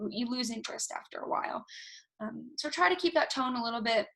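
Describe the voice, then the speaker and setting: A young woman presenting a casual online workshop, talking fast and animated, recorded alone over a video call. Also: on the high side, vocal fry. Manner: self-described fast talker, animated, talks with hands. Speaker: university research workshop presenter. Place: alone, recording herself at a computer. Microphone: recorded through video call software.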